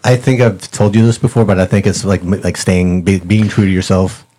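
A man's voice: low voice, fairly even intonation, moderate pace, warm tone. A man from Kansas co-hosting a casual podcast, hesitant and full of fillers. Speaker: podcast co-host. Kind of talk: casual chat.

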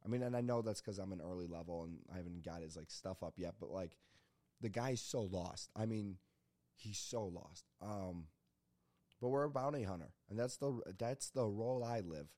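A man's voice: deep voice, moderate pace, warm tone, no room sound. A young man hosting a solo comedy podcast, rambling casually and swearing often while mocking himself. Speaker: podcast host.

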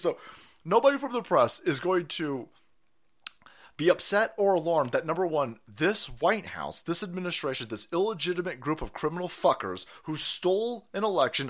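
Foul-mouthed ranting man streamer. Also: on the high side. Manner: angry, mocking, foul-mouthed, shouting bursts. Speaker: political streamer. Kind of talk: profane live-stream rant.

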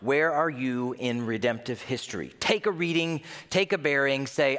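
A man preaching a sermon in a lively, animated way, sometimes acting out the voices of people he quotes. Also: medium pitch, normal speed, few pauses. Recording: long hall reverb.

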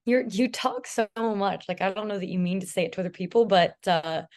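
A young woman guesting on a podcast, chatting casually and telling stories animatedly, quoting others in mimicking voices. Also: mid-range voice. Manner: animated storytelling, imitates others, laughs. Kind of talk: casual chat.

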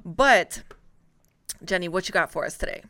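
A woman's voice: fairly low pitch, expressive, normal speed, very noisy. A woman hosting a casual talk show, chatting through the news with small laughs. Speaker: show host. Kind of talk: casual radio-show chat.

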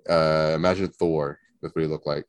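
A man telling a story on a podcast, animated and profane, often laughing. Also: very deep voice, normal speed, clean tone, no echo. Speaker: podcast co-host. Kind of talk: casual storytelling.

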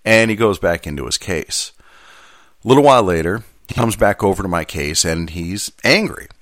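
A man's voice: low-pitched, lively intonation, moderate pace, fairly bright tone, no room sound, studio quality. A mail carrier, a man telling a story from his job in a casual, rambling, conversational way with self-deprecating asides.

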